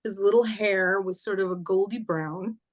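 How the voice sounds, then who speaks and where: Woman guest, mid-pitched, halting, emotional storytelling. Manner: halting, acts out dialogue softly.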